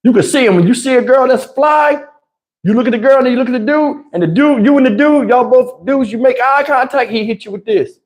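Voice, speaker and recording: A man telling a comic story on a livestream in an animated, emphatic, slangy way, with lots of cursing, into a lapel mic. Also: extremely high pitch, a little fast. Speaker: livestream host. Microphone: wireless lapel mic.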